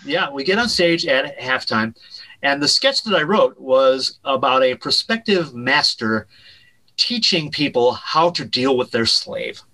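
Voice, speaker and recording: A man, a director and writer, telling an animated anecdote as a guest in an interview, dropping his voice at punchlines. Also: medium pitch, a little slow, slight background noise, rough recording. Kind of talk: storytelling in a podcast interview.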